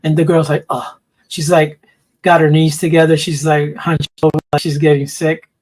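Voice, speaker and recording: A man in a casual panel chat, rambling through stories with quick asides. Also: on the high side, level tone, darkish tone, low-quality recording. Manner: rambling storyteller, retelling funny videos with quick asides. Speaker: panel guest.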